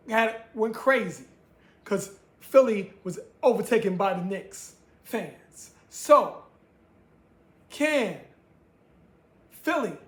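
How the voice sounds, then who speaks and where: A woman hosting her own sports talk show, ranting with emphasis and repeating her points. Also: fairly high pitch. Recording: echoey room.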